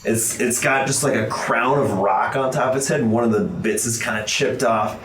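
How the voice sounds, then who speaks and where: A man in a mid-pitched voice narrates a tabletop game as its game master, talking loosely and chattily with lots of ums and likes. The recording has an echoey room sound. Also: moderate pace, fairly bright tone, slight background noise.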